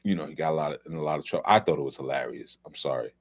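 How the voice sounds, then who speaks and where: A man's voice: very deep voice, rapid-fire. A middle-aged man from New York, hosting a loose, conversational film commentary talk with many asides. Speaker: host.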